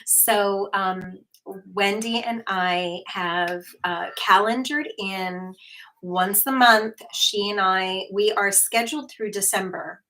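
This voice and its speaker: A hypnotherapist hosting a casual livestream speaks slowly in a bright, clear, medium-pitched voice. She's chatty and relaxed, with many pauses, fillers, and restarts, talking straight to her viewers and reading their comments aloud.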